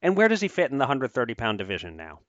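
A man co-hosting a boxing podcast, easygoing in banter and brisk when recapping fight results. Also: mid-range voice, huge pitch swings, dry recording, lo-fi sound. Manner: easygoing, laughs along, reads stats briskly. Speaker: podcast co-host.

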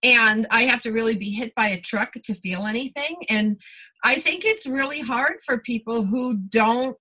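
A woman's voice: fairly high pitch, moderate pace, bright, forceful tone, low-quality recording. A woman hosting a casual chat, self-deprecating and giggly.

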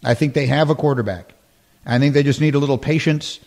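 A man's voice: mid-range voice, fairly even intonation, fairly quick, darkish tone. A man hosting a sports talk radio show, speaking emphatically and repeating his points.

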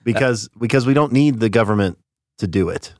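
A man's voice: mid-range voice, fairly quick, no echo, studio quality. A man co-hosting a podcast, chatty and laughing, reading out listener comments and the show outro. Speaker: podcast co-host. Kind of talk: casual political chat.

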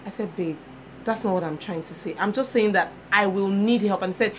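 A woman tells a long personal story in a casual chat, with her voice at a middle pitch. She plays out the people in her story as she goes. A faint hiss of background noise sits behind her. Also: brisk. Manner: animated storytelling, acts out quoted voices. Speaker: podcast co-host.

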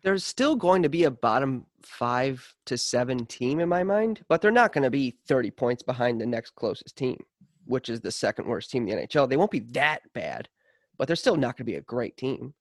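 A man's voice: mid-range voice, big pitch swings, normal speed, dry recording. Laid-back podcast co-host man, dry sound. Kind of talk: casual sports podcast chat.

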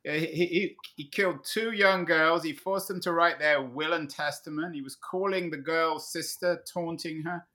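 A man's voice: a little high, steady tone, normal speed, few pauses, pushed and bright. A man interviewing a guest, asking pressing, direct questions.

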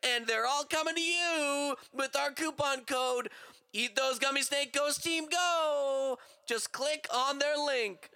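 A man co-hosting a comedy podcast, doing playful mock-salesman ad pitches. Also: sharp tone. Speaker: podcast co-host.

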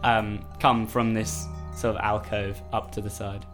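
A man narrating a tabletop game as game master, hesitant and filling pauses with "um". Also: lowish voice, level tone, a bit bright, soft background music. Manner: unhurried, hesitant, many "um"s.

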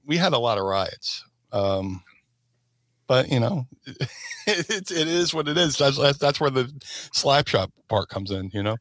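A middle-aged man tells stories in an animated way, jumping into quick acted-out shouts. His voice sits in a middle pitch, recorded dry and close with no room sound. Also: no room sound. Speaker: guest, former wrestler. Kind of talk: casual storytelling.

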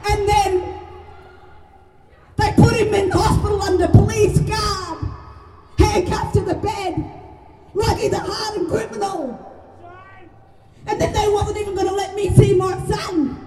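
A woman with a strong Australian accent shouts an impassioned speech to a gathered crowd, her voice pitched very high yet mellow in tone. She talks rawly and swears freely. The sound is echoey and distant from the mic, with a murmuring crowd and faint music behind. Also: fairly even intonation, unhurried, long pauses, slight background noise. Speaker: mother speaking at a rally.

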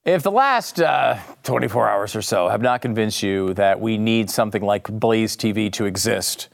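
A man's voice: on the low side, moderate pace, creaky. A man hosting a political talk podcast, delivering sarcastic commentary with frequent asides. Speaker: podcast host.

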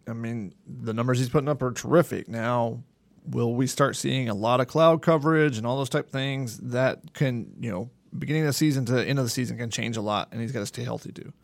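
Brief: male co-host, gravelly, measured sports opinions, dry close mic. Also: medium pitch, no echo. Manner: thoughtful, hedging with "I think". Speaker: podcast co-host. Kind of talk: casual sports podcast banter.

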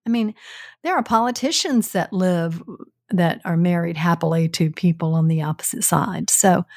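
An older woman co-hosting a podcast with her son, speaking in a calm, measured, reassuring way in a casual chat. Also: on the low side, vocal fry, no echo, studio quality. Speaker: podcast co-host, the host's mother.

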